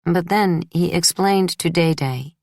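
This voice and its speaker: A woman narrating a novel in the first person in a measured, introspective way. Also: lowish voice, gravelly, darkish tone, dry recording, studio quality. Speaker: audiobook narrator.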